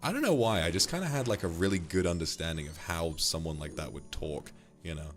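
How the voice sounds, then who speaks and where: Deep-voiced man in affectionate chat. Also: expressive, fairly quick, faint music behind. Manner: affectionate and teasing, calls viewers darling. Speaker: streamer. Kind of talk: casual chat reading viewer donations.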